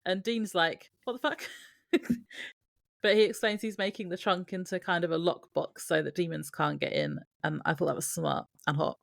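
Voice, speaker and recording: A woman with a low, gravelly voice co-hosts a casual podcast. She recaps at a deliberate pace and laughs often, with a dry, close sound. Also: fairly even intonation, no echo. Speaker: podcast co-host. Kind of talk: casual chat.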